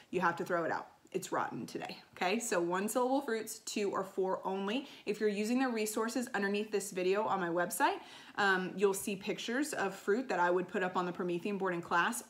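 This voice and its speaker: Woman music teacher, upbeat and patient, mid-pitch voice, talking kids through a lesson. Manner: upbeat teacherly explaining with frequent ums and okays. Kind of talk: recorded classroom lesson for children.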